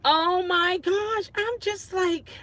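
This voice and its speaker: A woman's voice: extremely high pitch, slow, sharp tone, no echo. A woman rideshare driver chatting casually on a phone livestream from her parked car at night, flustered and exclaiming often. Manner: flustered, exclaiming and laughing at herself.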